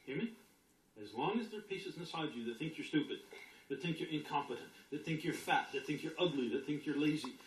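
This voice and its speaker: A spiritual teacher giving an emphatic, animated motivational talk to an audience, sometimes acting out inner voices with sudden shouts. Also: medium pitch. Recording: roomy echo with faint ambience.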